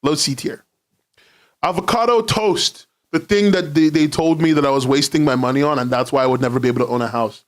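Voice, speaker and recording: A young man talks to his stream viewers from home, his voice sitting slightly high for a man. He rambles casually, swears freely and breaks into laughs often. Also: a little fast. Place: London, indoors at home.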